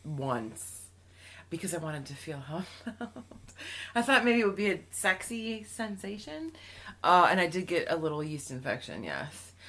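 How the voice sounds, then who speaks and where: A woman co-hosting a casual advice podcast, speaking with a bright, ringing tone and a pitch that rises and falls freely. She talks frankly and teasingly, breaking into laughter often. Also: sing-song, moderate pace. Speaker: podcast co-host.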